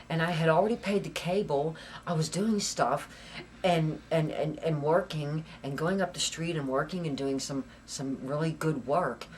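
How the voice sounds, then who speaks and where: Woman interviewee, raw first-person testimony, halting repeats, swings loud to whispered. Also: deep voice, a little hiss or hum. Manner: halting, repeats phrases, grows intense and loud, drops to whispers.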